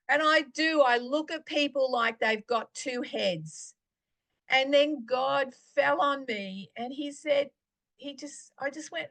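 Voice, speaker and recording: A middle-aged woman, sharing a faith testimony in a chatty, animated storytelling way. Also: sits high, slow, long pauses. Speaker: podcast host.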